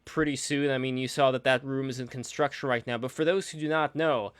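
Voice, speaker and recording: Smooth-voiced man hosting a stream. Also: medium pitch, fairly even intonation, fairly quick, no echo. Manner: rambling, reads out donations. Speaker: stream host. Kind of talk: casual online chat.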